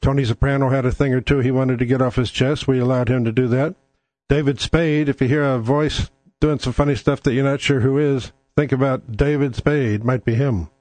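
A man's voice: medium pitch, steady tone, a little fast, darkish tone, dry recording. Blunt, profane man hosting a talk show. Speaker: podcast host. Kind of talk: casual political talk.

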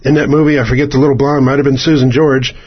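Husky-voiced man ranting on lo-fi radio. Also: mid-range voice, little pitch movement, fast. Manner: rambling, digressive and sarcastic. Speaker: radio commentator. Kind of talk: opinion monologue. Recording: dull lo-fi radio broadcast.

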